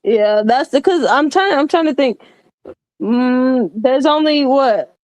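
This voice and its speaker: A woman with a fairly high voice talks basketball on a podcast. She thinks out loud and restarts often, then lands on coaching-style advice. The sound is dry and close. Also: expressive, takes it slowly, no echo. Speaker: sports podcast co-host. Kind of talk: casual basketball chat.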